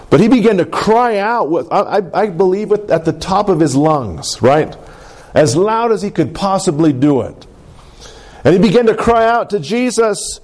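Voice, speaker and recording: A man preaching a sermon, animated and acting out the quoted cries with big swings in his voice. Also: high voice, measured pace. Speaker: pastor.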